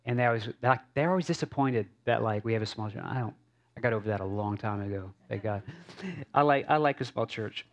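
A male pastor giving a conversational sermon in a small church, casual and halting with many fillers and restarts. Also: lowish voice, highs cut off.

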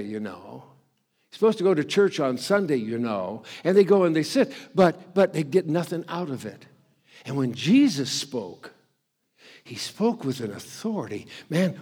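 A man's voice: medium pitch, a little mellow. A male preacher giving a conversational sermon, with asides like "you know" and frequent restarts.

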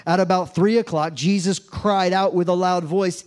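A man's voice: sits high, fairly even intonation, moderate pace, darkish tone. A man preaching a sermon, reading scripture aloud and acting out the mocking voices with drama. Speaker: pastor.

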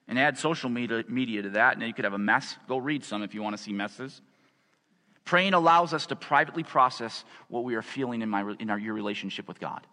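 A man preaching a sermon in a fairly high, forceful, bright voice. He presses his points by repeating words and phrases. His voice rings out with a long hall reverb behind it. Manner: emphatic, repeats phrases for stress. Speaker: pastor.

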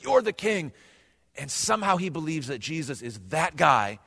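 Brief: male pastor, chatty preaching to the congregation, voice slightly higher, long hall reverb. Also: fairly bright tone. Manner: conversational preaching, addresses the congregation directly. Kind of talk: sermon.

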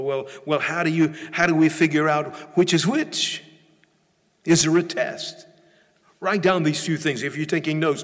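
A man's voice: a little high, big-room sound. A male pastor preaching a sermon in a church, emphatic, often repeating and restarting phrases.

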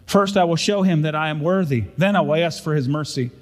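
A stubborn, self-righteous younger brother who refuses help, as a preacher acts him out, voiced fairly high for a man and pushing out indignant declarations. The voice rings with the long reverb of a large hall. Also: a little fast, close to an everyday voice. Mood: earnest. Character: zealous younger brother stacking rocks, proud and stubborn.

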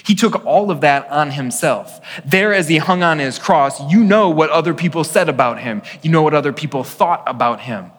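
A male pastor delivers an earnest sermon to his congregation, his somewhat high voice carrying through a church with a long reverb tail. He drops to a near hush for weighty lines, then rises to press a point home. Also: normal speed, few pauses. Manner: earnest preaching, swings from hushed to emphatic.

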